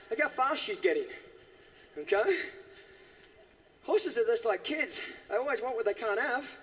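A man's voice: extremely high pitch, big pitch swings, normal speed, long pauses, a bit bright, big-room sound. A man giving a live horse-training demonstration, asking his listeners questions and tagging lines with "okay?". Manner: asks the audience questions, keeps saying okay. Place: horse arena.

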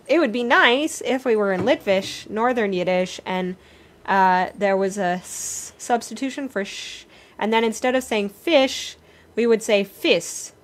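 A woman leading an online singing workshop, explaining and singing short phrases as examples in an encouraging way. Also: a little high. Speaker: singing teacher. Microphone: video call.

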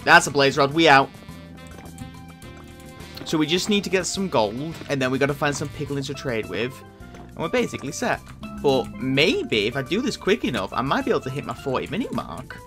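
A man giving casual gameplay commentary as a YouTuber, excitable and self-mocking, bursting into loud outbursts. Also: mid-range voice, normal speed, soft background music. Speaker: gaming YouTuber.

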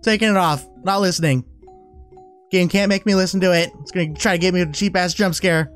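A man playing a horror game on a headset mic, excitable, laughing often and swearing at the game. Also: high-pitched, fairly quick, soft background music. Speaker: gaming YouTuber. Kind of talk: let's-play commentary.

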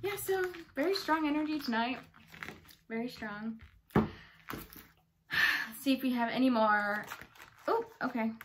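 A woman's voice: high voice, a little slow, long pauses, noisy background. A woman giving a casual tarot reading, chatty and bubbly, rambling with fillers and playful asides. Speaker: tarot reader.

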